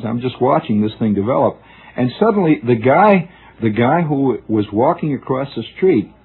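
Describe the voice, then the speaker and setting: Husky rambling radio storyteller, man. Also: mid-range voice. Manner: discursive, musing, restarts often. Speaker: radio monologist. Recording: tinny old radio broadcast.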